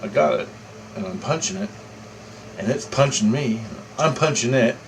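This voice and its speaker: A man's voice: medium pitch, moderate pace, gravelly, slight background noise, poor audio. A man telling a story in a casual, rambling way, repeating himself and swearing freely. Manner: rambling, repetitive, profane. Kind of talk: casual first-person storytelling.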